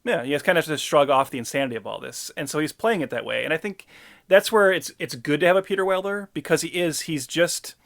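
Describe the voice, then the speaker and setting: A man's voice: on the high side, fast, creaky, fairly bright tone. A man co-hosting a podcast, chatting casually and with opinions about an old film, cracking dry jokes. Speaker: podcast co-host.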